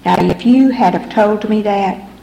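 A woman's voice: medium pitch, unhurried, vocal fry, mellow. A middle-aged woman giving earnest, repetitive personal testimony as a speaker at a recovery meeting in a hall. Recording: echoey room recording, faint background noise.

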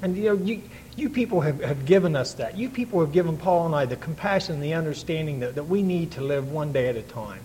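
A man's voice: a little high, animated, fast, warm tone, slight background noise, low-quality recording. A middle-aged man telling his own story to a recovery meeting, in an earnest, folksy way with many restarts. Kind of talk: personal testimony to an audience.

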